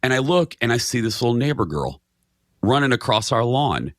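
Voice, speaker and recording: A man's voice: mid-range voice, very animated, moderate pace, fairly bright tone, no echo, studio quality. A man telling a story in casual chat as a guest, acting out his own reactions. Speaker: guest, radio and TV host.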